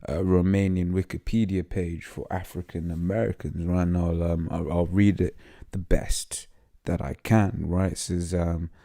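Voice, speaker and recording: A man with a low, gravelly, dark voice delivers an informal scripture teaching. He talks haltingly, leaning on fillers and tag questions, and stumbles when he reads text aloud. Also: level tone. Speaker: lay preacher.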